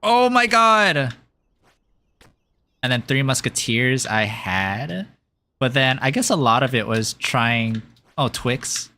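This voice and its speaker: Male streamer, casual chat during gameplay; rambling and giggly, with a bright voice. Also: mid-range voice, unhurried. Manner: rambling and giggly, with many fillers. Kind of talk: casual chat while playing a game.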